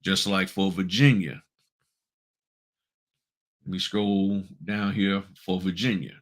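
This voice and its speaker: A man's voice: low-pitched, level tone, takes it slowly. A middle-aged man hosting a casual tutorial on notary work, talking folksy and emphatic and addressing viewers as y'all. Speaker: notary business host. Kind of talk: casual screen-share tutorial.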